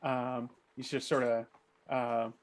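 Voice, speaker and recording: A man's voice: medium pitch, level tone, takes it slowly. A man at a tabletop game talks through what his character is doing. He rambles and hesitates, circling back with lots of ums and kind-ofs. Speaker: player.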